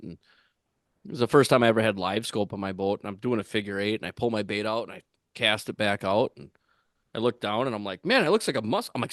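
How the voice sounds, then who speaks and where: A man telling a rambling fishing-tournament story on a podcast, with lots of fillers and restarts, getting animated when he acts out what others said. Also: lowish voice, no room sound, studio quality. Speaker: tournament angler guest.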